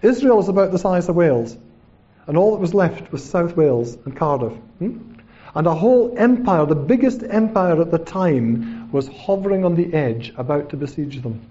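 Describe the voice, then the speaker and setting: A man preaching a sermon with a mellow, warm tone that sits a little high for a man. He keeps it conversational, checking in with a questioning "hmm?" and throwing himself into the quotes. The recording is dull and lo-fi. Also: animated, moderate pace. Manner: dramatic retelling with acted-out quotes.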